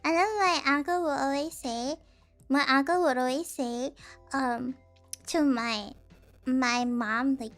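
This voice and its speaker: A woman's voice: sits high, takes it slowly, a bit bright, faint music behind. A young woman streamer telling a rambling story in casual chat, full of fillers and restarts.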